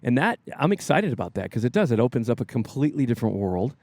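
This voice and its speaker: A man's voice: mid-range voice, big pitch swings, fast talker, darkish tone, dry recording. A man who co-hosts a casual podcast, rambling and asking follow-up questions. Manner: chatty, asks follow-up questions, rambling with restarts. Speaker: podcast co-host, father. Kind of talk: casual chat.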